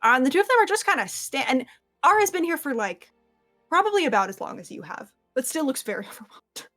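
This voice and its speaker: A woman's voice: high-pitched, very animated, fast, pushed and bright, soft background music. Rambling young woman game master. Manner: rambling, filler-heavy, casual. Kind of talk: narrating and voicing a tabletop game.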